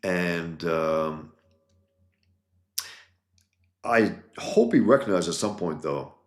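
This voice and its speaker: A man's voice: sits low, lively intonation, slow, reverberant. A man hosting a livestream, talking in a blunt, scornful way with many fillers and restarts. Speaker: livestream host. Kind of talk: casual livestream commentary.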